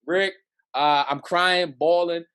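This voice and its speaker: Animated New storyteller, a man. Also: a little high, slow, clean tone. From the Bronx, New York. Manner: animated, acts out voices in his stories. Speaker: podcast guest. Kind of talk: casual storytelling.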